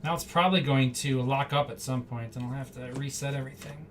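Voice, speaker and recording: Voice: medium pitch, fairly even intonation, quick pace. A card-break host chatting casually and rambling off-the-cuff while opening packs on a live stream. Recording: slightly distant mic, faint background hum.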